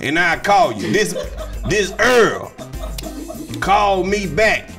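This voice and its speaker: A man's voice: sits high, animated, slow pace, over music, exaggerated voice. A man voicing an old uncle and grandfather, rambling as he leaves a scolding voicemail.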